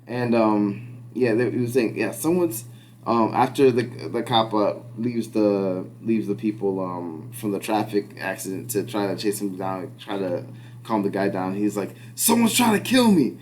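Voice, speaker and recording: A man's voice: on the low side, steady tone, unhurried, a little mellow, a little hiss or hum. A man co-hosting a podcast in casual chat, rambling with many restarts and fillers and acting out quotes. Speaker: podcast co-host.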